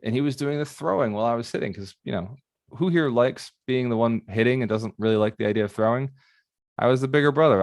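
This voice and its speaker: Animated male mentor quizzing his audience. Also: mid-range voice, no room sound, studio quality. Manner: animated, asks the audience questions. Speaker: real estate mentor. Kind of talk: motivational talk to a live online audience.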